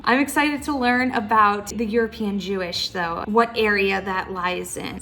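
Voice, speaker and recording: Excitable young woman vlogging at home. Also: a little high. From Wisconsin, US. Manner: excitable, exclaiming. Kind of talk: casual vlog. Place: home kitchen. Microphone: laptop or phone camera mic.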